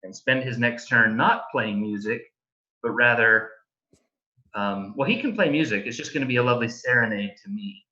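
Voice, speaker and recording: A gleeful male player talks through his moves in a bright, forceful voice. His mic sounds dull and lo-fi. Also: mid-range voice. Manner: gleeful, quick-spoken. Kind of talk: casual tabletop game play.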